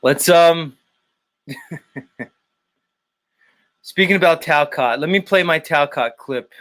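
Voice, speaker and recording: A man's voice: on the high side, slow, fairly bright tone. A man hosting a morning livestream in casual chat, reading out the chat, laughing a lot and swearing. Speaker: livestream host.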